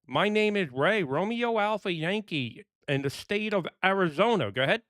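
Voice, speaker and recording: Upbeat ham operator. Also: male voice, sits high, lively intonation, fairly bright tone, dry recording, studio quality. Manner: upbeat, enthusiastic, brisk call signs. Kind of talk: radio calls and casual chat. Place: home room in New York.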